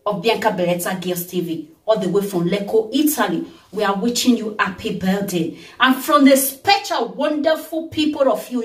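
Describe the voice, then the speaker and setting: A Nigerian woman vlogger, tired, talking in an animated way and breaking into song and blessings. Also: mid-range voice, far from the mic. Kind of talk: casual birthday tribute vlog with singing. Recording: roomy sound from off the mic.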